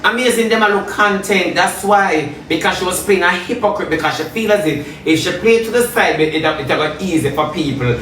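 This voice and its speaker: A man's voice: high-pitched, brisk, hardly any pauses, fairly bright tone, far from the mic, a little hiss or hum. A man with a Jamaican accent in a heated rant, combative and taunting, repeating his jabs over and over. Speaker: social media personality. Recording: roomy and off-mic.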